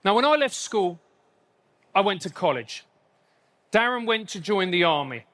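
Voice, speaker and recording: Bright-voiced English stand-up comic. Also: male voice, sits high, very animated. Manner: punchy, self-mocking delivery with quick asides. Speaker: stand-up comedian. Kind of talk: live stand-up comedy.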